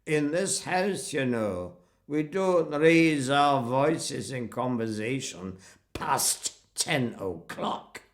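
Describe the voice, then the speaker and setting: An older man playing a fussy, eccentric neighbour who talks in a solemn, drawn-out way. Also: on the high side, lively intonation, gravelly, pitched above the performer's own voice, full character voice.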